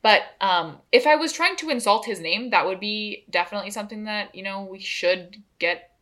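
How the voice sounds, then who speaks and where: A woman with an English Canadian accent co-hosting a casual chat podcast, talking fast and laughing often. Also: medium pitch, sharp tone. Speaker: podcast co-host.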